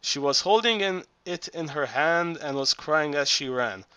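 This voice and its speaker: A man narrating an audiobook in a halting reading voice, often stumbling and restarting words. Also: on the high side, animated, sharp tone, smooth, dry recording.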